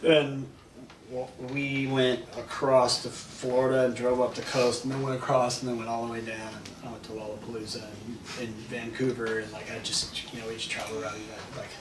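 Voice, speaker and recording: A man's voice: medium pitch, flat delivery, a little fast. Laid-back rambling surfer man, echoey room. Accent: Californian. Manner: laid-back, rambling, laughs often, acts out voices in anecdotes. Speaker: interview guest, former pro surfer. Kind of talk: casual storytelling interview. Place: large echoey room at a live event. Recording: distant mic, roomy echo, noisy ambience.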